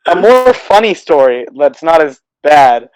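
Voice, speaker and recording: A young man from Oklahoma, in his late teens, telling stories on a casual podcast, halting and restarting, then getting animated. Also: fairly high pitch, low-quality recording. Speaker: podcast co-host.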